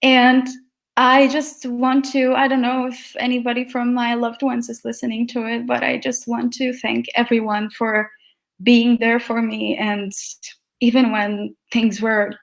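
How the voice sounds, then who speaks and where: A woman's voice: on the high side, level tone, measured pace, gravelly. A young woman guest on a video-call podcast interview, talking in a heartfelt, reflective way. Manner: heartfelt, reflective, with laughs and sighs. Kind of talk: emotional conversational interview.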